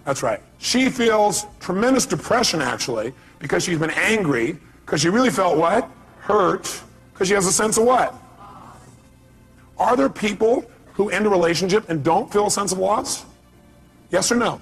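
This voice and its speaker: Male motivational speaker, high and emphatic, quizzing the audience, soft music behind. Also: expressive, normal speed, long pauses, husky. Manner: emphatic, fires rhetorical questions at the audience. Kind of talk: motivational seminar speech.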